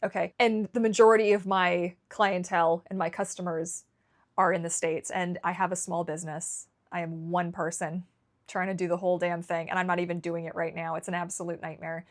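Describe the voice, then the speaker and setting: A woman's voice: on the low side, flat delivery, a little fast. Emotional Canadian woman venting on camera. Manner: emotional, rambling, frequent restarts. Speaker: vlogger. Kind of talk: candid personal vlog.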